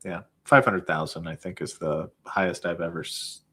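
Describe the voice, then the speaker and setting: A man's voice: low-pitched, steady tone, normal speed, a bit bright, breathy edge. A man, a guest who has processed claims, explaining plainly in casual chat with lots of "like" and fillers.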